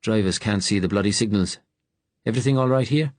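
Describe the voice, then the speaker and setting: A man voicing a gruff, strained working man who talks casually in an audiobook. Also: lowish voice, brisk, a little mellow, dry recording, voice pushed up, natural voice.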